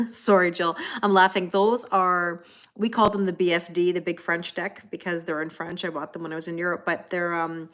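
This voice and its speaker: A woman's voice: on the low side, fairly bright tone. Chatty woman doing a live tarot reading. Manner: chatty, greets viewers by name, laughs often. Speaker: tarot reader. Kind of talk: casual live-stream card reading.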